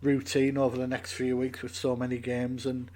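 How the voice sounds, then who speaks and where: A man co-hosts a football fan podcast in easy, casual conversation. He talks at an even pitch and sometimes hesitates as he thinks aloud. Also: moderate pace. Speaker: podcast co-host.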